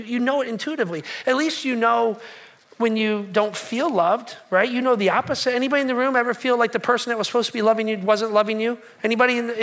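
A male pastor preaching a sermon in a church in an animated, repetitive way, with joking asides. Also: extremely high pitch.

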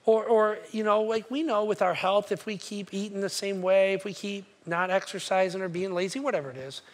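A man's voice: sits high, fairly even intonation, fairly quick. A man preaching a sermon as a pastor in a church, talking conversationally and checking in with his listeners. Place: church sanctuary.

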